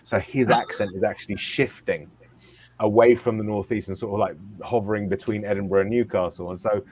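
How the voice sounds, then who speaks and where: A man with a low, slightly sore voice hosts a relaxed live chat. He talks in an easygoing, storytelling manner, pausing to gather his thoughts. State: sore throat. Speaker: podcast host. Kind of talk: casual chat.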